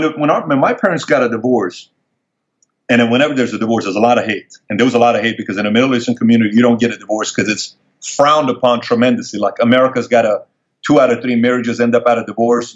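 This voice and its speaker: A man's voice: mid-range voice, quick pace. Intense, emphatic male guest with a mid-range voice, telling personal stories on a dull lo-fi recording. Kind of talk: emotional personal storytelling. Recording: dull lo-fi sound.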